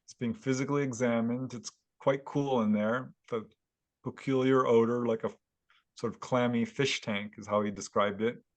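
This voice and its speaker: A man's voice: mid-range voice, normal speed. Man retelling an encounter story. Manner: animated retelling with chuckles. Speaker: guest author and UFO investigator. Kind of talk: casual interview storytelling.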